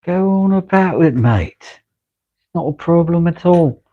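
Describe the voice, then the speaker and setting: A man's voice: medium pitch, very animated, takes it slowly, full character voice. A man putting on a teasing, chummy British bloke for a bit of banter. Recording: dull lo-fi audio.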